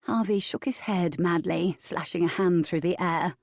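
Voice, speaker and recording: A woman narrating an audiobook in the first person, with steady, even storytelling. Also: on the low side, moderate pace, gravelly, no echo, studio quality.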